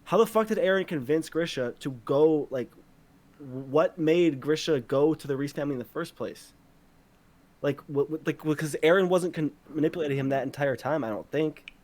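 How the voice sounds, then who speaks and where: A man co-hosting a casual podcast, thinking out loud in a rambling way, swearing freely and speeding up when he gets excited. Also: on the high side, normal speed. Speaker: podcast co-host. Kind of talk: casual chat among friends.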